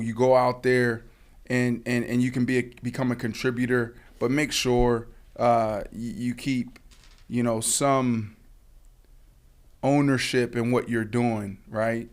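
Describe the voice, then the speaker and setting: Sports podcast co-host, male, emphatic, mid-pitched, pauses with fillers. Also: little pitch movement. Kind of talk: casual sports talk.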